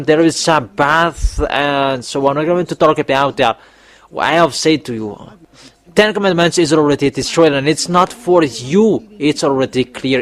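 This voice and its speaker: A man preaching a sermon, emphatic and often rising to loud exhortations. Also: a little high.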